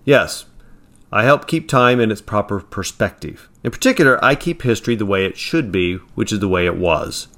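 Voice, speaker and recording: A man voicing a calm, confident, graying gentleman who guards time, speaking firmly and evenly. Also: fairly low pitch. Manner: calm, firm and measured.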